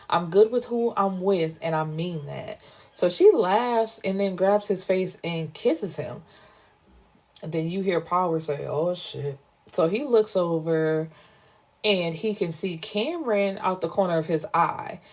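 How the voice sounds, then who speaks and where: A woman recaps a romance novel in a casual, animated way, cutting in with blunt, profane reactions of her own. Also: fairly low pitch. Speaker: book reviewer.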